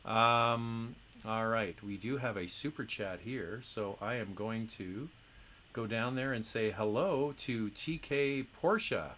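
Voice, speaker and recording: A man's voice: lowish voice, slow pace, fairly bright tone, a little hiss or hum. A middle-aged man hosting a live viewer Q&A, talking in a chatty, opinionated way with frequent fillers and restarts. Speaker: host answering viewer questions. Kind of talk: casual livestream Q&A.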